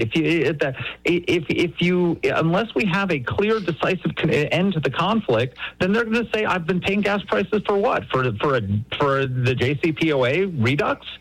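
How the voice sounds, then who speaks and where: A man's voice: high-pitched, expressive, a little fast, hardly any pauses, no room sound, low-quality recording. A man talking politics as a guest, emphatic, often repeating words as he starts a sentence. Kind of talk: animated political talk.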